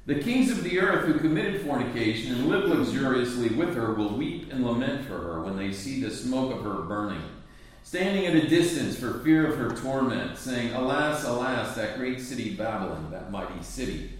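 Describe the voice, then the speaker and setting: A man's voice: medium pitch, expressive, moderate pace. A man preaching a sermon. He reads long scripture passages aloud and then explains them in plain words. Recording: very echoey room, voice from a distant mic.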